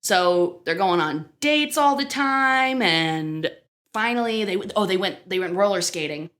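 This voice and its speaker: A woman's voice: mid-range voice, expressive, unhurried, a bit bright. A woman in her thirties co-hosting a podcast, chatting casually as she retells an episode, swearing freely and acting out the characters' lines. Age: 30s. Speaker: podcast co-host. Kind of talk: casual chat recapping an episode.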